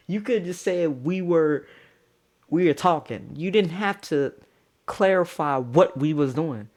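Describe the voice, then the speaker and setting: A man telling a casual storytime, jumping to high squeals of disbelief and dropping to low mutters, laughing through it. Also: expressive, a little slow, a little mellow. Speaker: storyteller vlogger.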